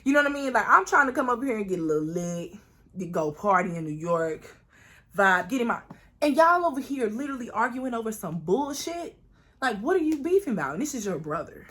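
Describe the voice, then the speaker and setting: A woman from Florida telling a storytime vlog, animated and profane, acting out what people said with sudden jumps in pitch. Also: fairly quick. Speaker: vlogger.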